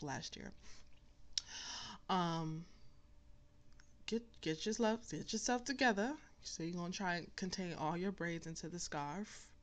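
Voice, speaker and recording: A young woman talking viewers through her hair-care routine in a chatty, casual vlog. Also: sits low. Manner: chatty, talks straight to viewers. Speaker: vlogger.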